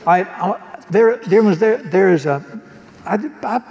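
A man's voice: high-pitched, animated, unhurried, a little mellow, big-room sound. A man preaching a sermon as pastor, folksy and joking, often asking the congregation questions. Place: church sanctuary.

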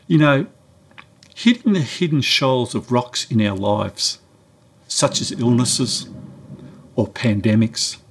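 Aussie guy preaching, very husky voice, jumps up high when he acts out the dialogue. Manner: animated storyteller, acts out dialogue with raised pitch. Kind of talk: sermon-style talk with storytelling.

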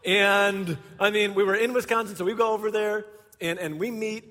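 A man's voice: sits high, fairly even intonation, moderate pace, fairly bright tone. A man in his forties, a pastor, telling a humorous personal story to his congregation with laughter along the way. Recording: echoey hall.

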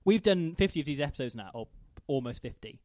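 A man's voice: fairly high pitch, lively intonation, quick pace, a little mellow. A man co-hosting a comedy podcast, telling a rambling, self-deprecating anecdote and laughing as he goes. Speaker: podcast co-host. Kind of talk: comic anecdote.

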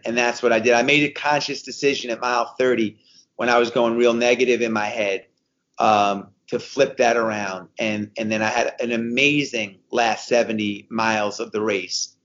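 A man of fifty-one, a guest telling a race story in casual conversation, animated and repeating himself as he goes. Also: medium pitch, highs cut off. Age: 50s. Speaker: guest, endurance racer.

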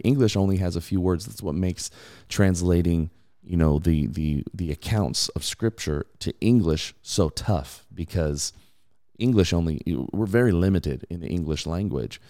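A man hosting a podcast, casually teaching from the Bible in an animated way, laughing and mimicking voices. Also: deep voice, moderate pace.

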